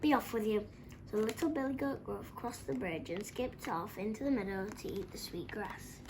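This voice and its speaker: A woman reading a children's storybook aloud in an expressive, dramatic way. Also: mid-range voice, normal speed, noisy background.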